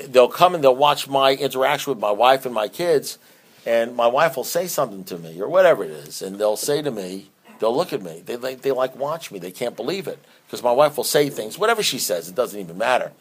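A man's voice: medium pitch, normal speed. A middle-aged man who counsels divorcing couples and sponsors others in recovery, speaking off the cuff in a blunt, streetwise way, often restarting and repeating himself. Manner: rambling, repeats and restarts, animated at times. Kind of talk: unscripted talk.

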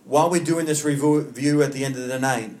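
Fast and fairly even in intonation, a man's mid-range voice with a darkish tone carries this personal share to a support group. He's from Long Island, New York, leading a recovery meeting with heartfelt sincerity and self-mocking humor.

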